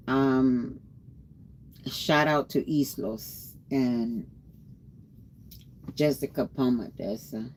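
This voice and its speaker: A woman's voice: very deep voice, mellow, a little hiss or hum. A tired woman livestreamer chatting casually and rambling, greeting her viewers by name. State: tired after a long day.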